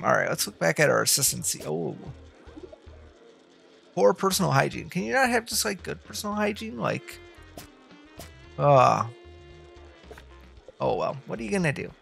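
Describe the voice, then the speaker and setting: Man, casual game commentary, thinking aloud, animated, slightly high voice. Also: moderate pace, creaky, long pauses, soft background music. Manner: thinking aloud, chatting to the game's students. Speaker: let's play host.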